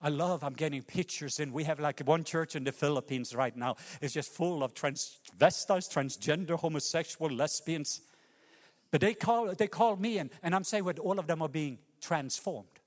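Norwegian guy preaching, kinda high voice, big hall reverb, goes loud then goes quiet. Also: moderate pace. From Norway. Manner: impassioned preaching, swinging between loud cries and low hushed lines. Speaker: pastor. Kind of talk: sermon.

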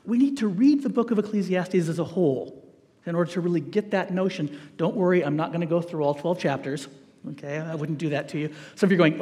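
A middle-aged man preaching a sermon in a lively, joking way, with playful asides to his listeners. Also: a little high, quick pace, big-room sound.

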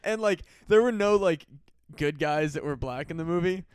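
A man's voice: on the high side, normal speed, clear, resonant tone, no echo, clean studio sound. A man co-hosting a casual podcast, laid-back and swearing a lot, mostly with short reactions. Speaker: podcast co-host.

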